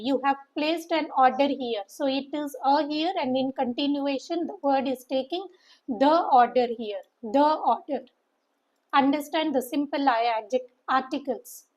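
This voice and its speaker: A woman's voice: sits high, rough recording. A woman teaching English, walking through a sample letter and repeating key words for emphasis. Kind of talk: explaining a sample letter in a lesson.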